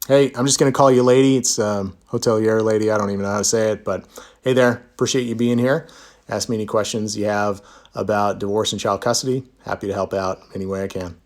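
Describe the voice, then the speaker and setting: A man's voice: fairly low pitch, steady tone, fast talker, darkish tone. A man, a divorce attorney, chatting casually in a live Q&A, reading viewer comments aloud and answering with easygoing, self-deprecating humor. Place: Utah.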